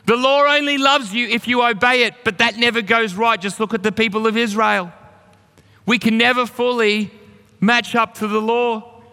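A man preaching with a bright, ringing voice that sits high for a man. He mixes earnest storytelling with encouragement. His words carry a long reverb in a church hall. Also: steady tone, moderate pace, smooth. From Australia. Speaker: pastor. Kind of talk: sermon.

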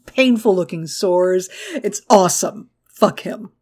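A woman with a Texas accent, co-hosting a podcast in casual chat, animated and quick to laugh and swear. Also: on the low side, slightly rough. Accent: Texan. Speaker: podcast co-host.

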